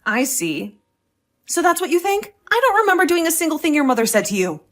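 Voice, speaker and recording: A woman's voice: high voice, very animated, a little fast. A woman playing an indignant, defiant young wife. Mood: cold. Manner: indignant, sarcastic. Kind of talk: voiced drama story.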